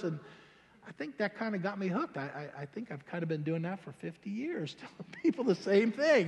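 An older man, a pastor, tells his story during a sermon in a high-pitched, brisk voice. He is animated and colloquial, stammering and restarting, and the recording carries long hall reverb.

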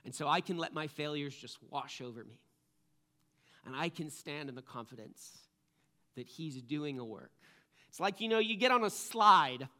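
Bright-voiced earnest male preacher. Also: on the high side, lively intonation, normal speed. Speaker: pastor. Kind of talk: sermon.

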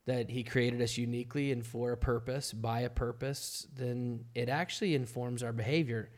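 A man's voice: medium pitch, steady tone, normal speed. A man who is a pastor, talking casually on a podcast and sometimes joking around in silly accents. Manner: playful, slips into goofy put-on accents.

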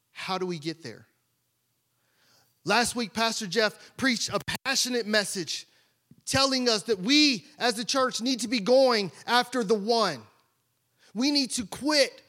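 This pastor's voice sits very high. He delivers his sermon by putting rhetorical questions to the congregation, sometimes dropping almost to a whisper to drive a point home.

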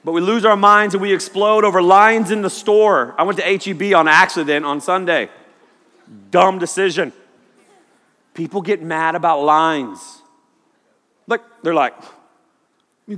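A man's voice: sits high, moderate pace, pauses often, sharp tone. A man preaching a sermon as pastor, joking and acting out the people he quotes. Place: church auditorium. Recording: long hall reverb.

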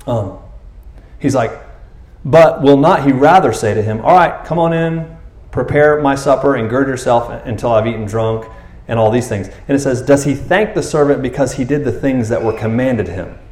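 A man's voice: medium pitch, normal speed, a little mellow, roomy sound. A man preaching a casual, conversational sermon, acting out quoted voices as he goes. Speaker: pastor.

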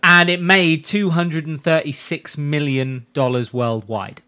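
A man's voice: fairly high pitch, fairly even intonation, a little slow, pushed and bright, clean tone. A man hosting a casual podcast, laying out film facts and swearing casually. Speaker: podcast host.

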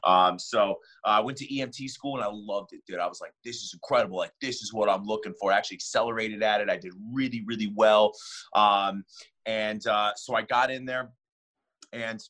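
A man as a podcast guest, relaxed and chatty, often saying "man" and "bro". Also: fairly low pitch. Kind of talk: casual interview.

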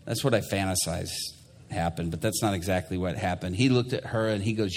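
A male pastor with a slightly low voice delivers a brisk sermon, telling a story animatedly and acting out each person he quotes. His words trail off in the church's long reverb.

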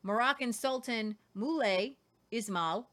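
A woman's voice: a little high, slow pace, a bit bright. A woman hosting a casual history talk, reading quotes aloud with jokey asides and stumbles over names. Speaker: host.

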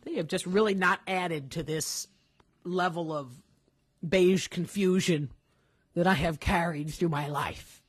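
A woman co-hosting a casual podcast, telling stories in an animated, emphatic way with many restarts. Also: lowish voice, unhurried, breathy edge. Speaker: podcast co-host. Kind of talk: casual conversational podcast chat. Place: Los Angeles.

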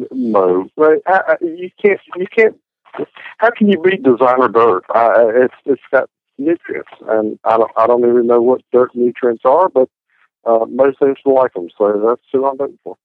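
Stammering panelist, lively and tinny. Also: male voice, medium pitch, normal speed. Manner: hesitant, stammering restarts, lively swings. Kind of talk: casual panel chat. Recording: tinny phone-like sound.

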